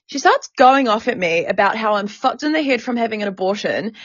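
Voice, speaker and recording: A woman's voice: fairly high pitch, lively intonation, a little fast, no room sound, lo-fi sound. A woman hosting a podcast who tells a personal story frankly and with animation, swearing freely. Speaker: podcast host and sex worker activist.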